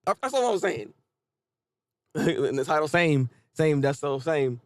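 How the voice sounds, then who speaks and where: A man hosting a casual live manga reaction, chatty and animated, often restarting his sentences. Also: a little high, unhurried, no echo, clean studio sound.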